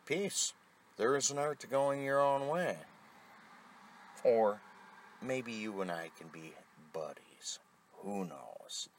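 Gravelly low-voiced man ranting outdoors. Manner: blunt, combative, swears constantly. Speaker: vlogger. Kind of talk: profane ranting monologue. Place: outdoors beside a road with passing cars.

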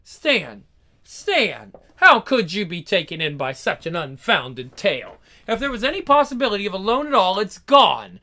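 A distraught young wife. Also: female voice, mid-range voice, big pitch swings, moderate pace, bright, forceful tone, heavily acted. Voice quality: earnest, emotional. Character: anxious devoted young wife telling her story. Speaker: narrator and wife. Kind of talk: 1940s radio acting.

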